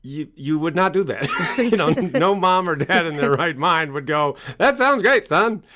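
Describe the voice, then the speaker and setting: A man, a coach and speaker, answering in an interview with lively storytelling. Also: fairly high pitch, moderate pace. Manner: animated storytelling, acts out quoted parents loudly.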